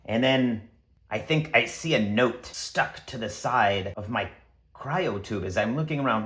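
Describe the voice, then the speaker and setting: Excitable man narrating a solo tabletop game. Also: mid-range voice, a little slow. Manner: excitable, acts out scenes with sound effects and yells. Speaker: game master and solo player.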